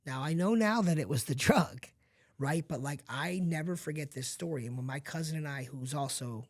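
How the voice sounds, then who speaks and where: A middle-aged guest on a podcast recounts a painful personal experience at normal speed in a voice on the high side. Earnest and confiding, he talks straight to the listener, often checks they're following, makes frequent asides, and gets emotional at times.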